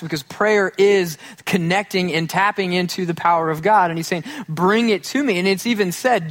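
Pria pendeta berkhotbah santai dan jenaka. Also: male voice, high voice, fairly bright tone. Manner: conversational, self-deprecating humor, acts out quoted voices. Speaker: pastor. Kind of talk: sermon.

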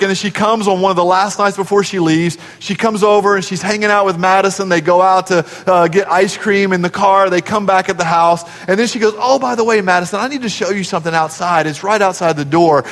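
A man's voice: high voice, a bit bright, long reverb tail. A man preaching a sermon as pastor, telling a family story and acting out the quoted voices before building to emphatic peaks.

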